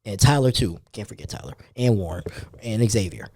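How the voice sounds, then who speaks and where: A man's voice: lowish voice, a little fast, darkish tone, no room sound, clean studio sound. A tired young man hosting a podcast, talking loosely in street slang. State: tired, yawning. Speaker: podcast host. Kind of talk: casual monologue.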